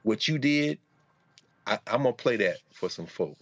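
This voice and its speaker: Low earnest man on dry lo-fi audio. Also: expressive, moderate pace, fairly bright tone, no room sound. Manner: emotional, earnest, choked up. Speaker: panelist, professor. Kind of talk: emotional panel talk.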